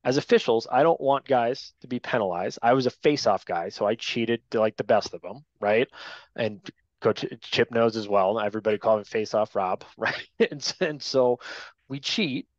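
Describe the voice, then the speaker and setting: Teaching new officials, this man keeps things straightforward and no-nonsense, frequently checking in with "right?" He talks at a moderate pace in an ordinary middle pitch. The sound is close, dry, dull, and lo-fi, without any echo.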